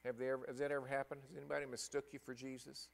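A middle-aged man preaching a sermon and telling a personal story, halting and emotional, with many restarts. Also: medium pitch, flat delivery, vocal fry.

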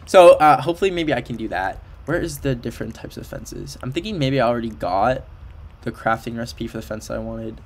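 A man's voice: medium pitch, fairly quick, a little hiss or hum. A young man from Canada chatting casually while playing a video game on a livestream, playful and full of fillers, sometimes singing along in nonsense syllables. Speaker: streamer. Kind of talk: casual livestream gameplay chat. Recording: faint background game music.

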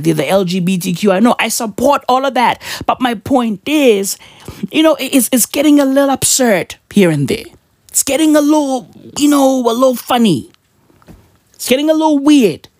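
A woman's voice: a little high, lively intonation, moderate pace, darkish tone, dry recording, studio quality. A woman ranting on a podcast in casual, profane, slangy talk, emphatic and mocking.

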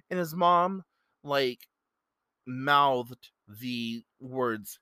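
A man's voice: mid-range voice, slow, pushed and bright, dry recording. A man hosting his own podcast, telling a story in a rambling, earnest way with many fillers, close to the mic. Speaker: podcast host. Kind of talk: casual solo podcast storytelling.

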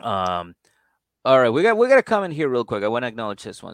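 A man's voice: medium pitch, huge pitch swings, fast, no echo, clean studio sound. A man co-hosting a casual podcast, retelling a story with lots of acted-out quotes and casual swearing. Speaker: podcast co-host. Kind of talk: casual chat, retelling a show.

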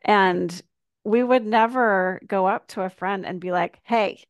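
Soft-spoken woman hosting a podcast, thoughtful, middle pitch, dry mic. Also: measured pace, clean tone, no echo. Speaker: podcast host. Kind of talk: reflective podcast conversation.

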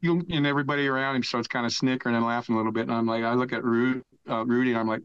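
A man's voice: medium pitch, fairly even intonation, rapid-fire, hardly any pauses, fairly bright tone, clean tone, dry recording. An older man from the United States, a podcast guest, telling a rambling, profane story in casual talk and laughing as he goes. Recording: dull lo-fi dry sound.

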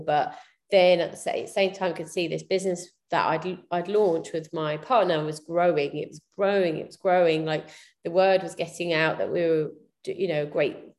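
A woman speaks candidly in a casual interview, often restarting her sentences as she reflects. Her voice sits a little on the low side. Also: a little mellow. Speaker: podcast guest, PR business founder.

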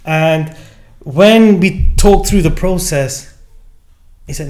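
Guy with a kinda high voice, gin distiller telling his story, does all the voices, roomy echo. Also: slow, darkish tone. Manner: acts out quoted dialogue with changing pitch. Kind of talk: animated storytelling in conversation. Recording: echoey room.

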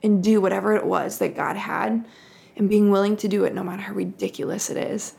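A woman's voice: medium pitch, steady tone, brisk, vocal fry, a little mellow. A woman co-hosting a casual faith podcast. She tells a story reflectively and acts out the quoted voices. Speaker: podcast co-host.

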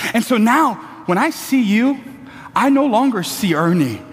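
A man preaching a sermon, building to shouted peaks and throwing in playful asides to the congregation. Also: very high voice, expressive, unhurried, big-room sound, soft background music.

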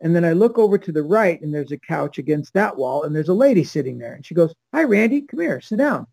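A man's voice: a little high, lively intonation, fast, gravelly, warm tone, dry recording, low-quality recording. An older man from Los Angeles, a podcast guest telling a long story and acting out the people in it. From Los Angeles, USA. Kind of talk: storytelling anecdote.

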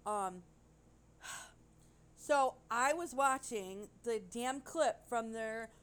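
A woman's voice: fairly high pitch, extremely slow, clean tone. A woman co-hosting a casual podcast chat, rambling and gushing, with casual swearing. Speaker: podcast co-host.

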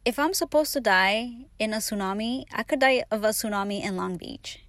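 A woman's voice: on the high side, moderate pace, dry recording. A woman hosting her podcast, talking through personal stories in a rambling, candid, emotional way with lots of fillers. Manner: grows animated and anxious in later stretch. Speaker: podcast host. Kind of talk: casual confessional monologue.

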